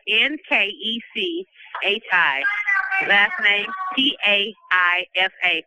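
A woman's voice: medium pitch, pushed and bright. A nervous woman, calling from prison over a tinny phone line and urgently pleading for help. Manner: urgent, pleading, repeats appeals. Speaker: incarcerated caller. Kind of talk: recorded phone appeal.

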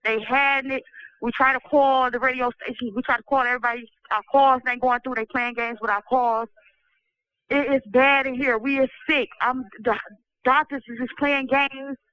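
A sick man with a swollen throat, giving a pleading, halting commentary from prison over the phone. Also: very high voice, little pitch movement, clean tone, dry recording. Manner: pleading, distressed, halting restarts. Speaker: incarcerated person giving a recorded commentary. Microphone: telephone. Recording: muffled, dry prison phone line.

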